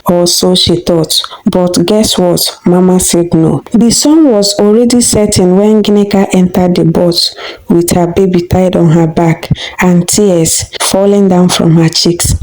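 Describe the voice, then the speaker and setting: A woman's voice: lowish voice, darkish tone, poor audio. A woman narrating a scripted story in a dramatic, conversational way.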